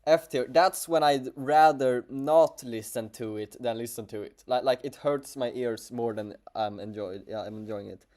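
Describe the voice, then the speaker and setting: A man with a Swedish accent chatting casually on a livestream as a streamer, halting and stammering with many restarts. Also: medium pitch, a little mellow.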